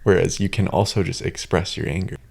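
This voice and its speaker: A man hosting a podcast, relaxed and thoughtful as he recounts a story in casual chat. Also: low voice, brisk, creaky, breathy edge. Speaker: podcast host.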